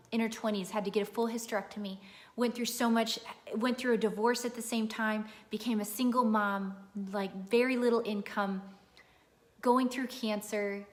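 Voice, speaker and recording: A woman's voice: a little high, fairly bright tone. A woman in her thirties, a nutritionist giving an earnest, emphatic motivational talk to viewers on a live stream and repeating phrases for emphasis.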